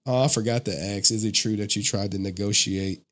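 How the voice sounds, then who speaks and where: A man's voice: on the low side, fairly even intonation, a little fast. A man hosting a livestream, chatting casually to his viewers, loose and slangy, often laughing. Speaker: livestream host.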